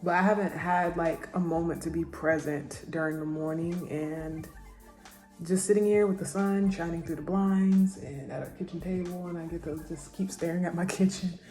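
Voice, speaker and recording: A young woman vlogging candidly from her home kitchen, halting and emotional, close to tears, with many pauses and fillers. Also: lowish voice, fairly even intonation, darkish tone. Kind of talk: reflective personal vlog talk. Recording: echoey room with faint music.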